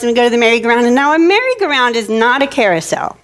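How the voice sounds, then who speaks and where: A woman giving a talk, telling a childhood story in an animated way and acting out the children's voices. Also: on the high side, racing, few pauses. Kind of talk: storytelling presentation.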